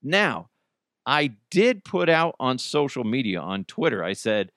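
A man's voice: mid-range voice, big pitch swings, unhurried, fairly bright tone, no room sound, studio quality. A man hosting a radio show, chatting casually with rambling jokes and self-corrections. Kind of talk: casual on-air chat.

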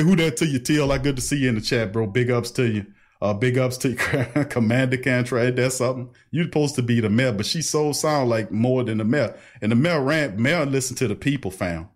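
A middle-aged man, hosting a casual call-in livestream in an animated, preachy way full of street slang. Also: medium pitch. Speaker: livestream talk host. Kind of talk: casual call-in talk stream.

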